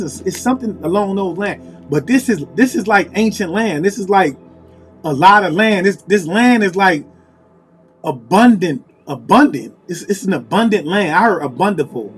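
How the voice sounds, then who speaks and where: This tarot reader is a man with a high voice, working through an informal reading with lively intonation at normal speed. He wonders aloud, says things more than once as he invokes spirit, and quiet music plays softly underneath.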